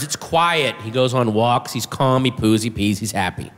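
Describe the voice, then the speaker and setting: A man doing a stand-up comedy set, telling a story with animated delivery and shouting his punchlines. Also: medium pitch, normal speed, a little hiss or hum. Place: comedy club stage with audience. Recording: reverberant room with faint audience.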